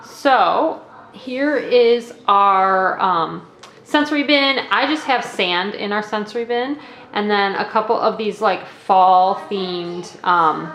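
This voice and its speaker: Seated at a table indoors, a woman teacher casually demonstrates classroom learning activities, explaining each step and checking in with "okay" and "all right." Her voice is mid-range and fairly bright, recorded in an echoey room with faint noise.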